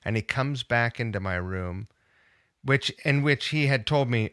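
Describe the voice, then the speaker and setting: A man's voice: mid-range voice, measured pace, clean tone, no echo, studio quality. A man telling a long story as a podcast guest, acting out the people he quotes. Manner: animated, acts out quoted voices. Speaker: podcast guest, punk guitarist. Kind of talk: casual storytelling.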